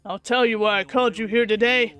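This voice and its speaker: A woman's voice: on the high side, fairly even intonation, brisk, fairly bright tone, clean tone, faint music behind, voice pushed down, close to an everyday voice. A woman voicing a cruel, jealous middle-aged male scientist father while reading a visual novel aloud, in a bitter, contemptuous rant. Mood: scornful.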